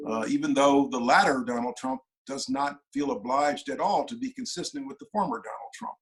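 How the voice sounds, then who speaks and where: A man answering interview questions from his home over a video call, measured and lawyerly, with steady emphasis. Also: medium pitch, faint music behind, poor audio. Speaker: former government official, guest.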